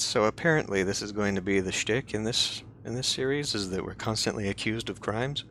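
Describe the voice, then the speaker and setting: A man's voice: lowish voice, brisk, hardly any pauses, noisy background. A man hosting a let's play, commenting casually in a self-deprecating, offhand way.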